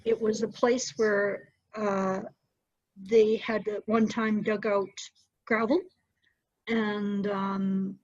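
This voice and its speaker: A middle-aged woman, a storyteller, recounting a personal story with animated delivery. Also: mid-range voice, slow, no room sound. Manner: animated, lively retelling with acted-out quotes. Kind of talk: personal storytelling to a small group. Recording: dull, muffled dry recording.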